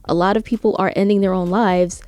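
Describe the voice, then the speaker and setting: A woman's voice: mid-range voice, steady tone, a little fast, darkish tone, clean tone, no room sound. A woman vlogger talking earnestly and conversationally to camera, with frequent fillers and restarts. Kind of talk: casual commentary vlog.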